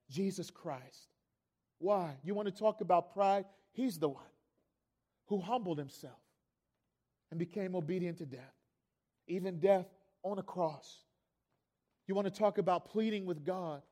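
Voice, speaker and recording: Male pastor, high-pitched, sermon delivery that moves from hushed to loud and fervent. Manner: storytelling preacher, builds to loud climaxes.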